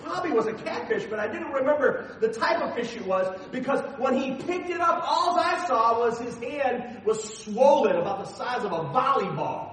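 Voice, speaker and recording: A middle-aged man preaching a sermon as the pastor, telling personal stories with animated, self-deprecating humor. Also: very high voice, normal speed, few pauses, heavy reverb, far from the mic, a little hiss or hum, rough recording.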